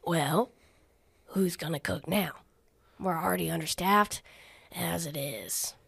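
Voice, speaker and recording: In a full character voice on a dry recording, an older Southern woman speaks slowly at a fairly low pitch, slightly bright yet raspy and gravelly. She portrays a toothless, chain-smoking old diner waitress, blunt and sarcastic, occasionally muttering under her breath.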